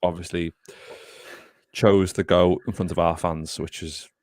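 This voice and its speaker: A man's voice: low-pitched, little pitch movement, a little slow, darkish tone, no room sound. A man hosting a casual football podcast, rambling, swearing freely and talking to his live chat. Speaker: podcast host.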